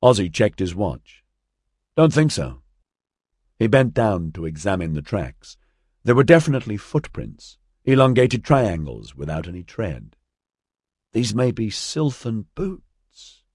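A man narrating a story in a measured, expressive reading. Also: low-pitched, husky, no room sound, studio quality. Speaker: audiobook narrator. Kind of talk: scripted narration.

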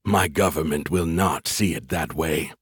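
A man's voice: very deep voice, unhurried, slightly rough, no room sound, pitched below the performer's own voice, full character voice. A man voicing a proud alien male admiral in an audiobook, with a growling, heavy, defiant delivery. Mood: proud, bitter. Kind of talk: audiobook character voice.

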